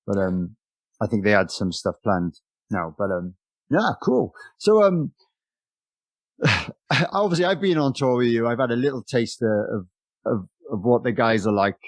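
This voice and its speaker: A man hosts a podcast, his voice in a middle register and recorded dry and close with no room sound. He asks his questions haltingly, with plenty of "um" and doubled words, and keeps an easygoing tone. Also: mid-range voice, very animated, dry recording. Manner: halting, many "um" and repeated words while asking questions. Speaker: podcast host. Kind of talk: casual interview chat.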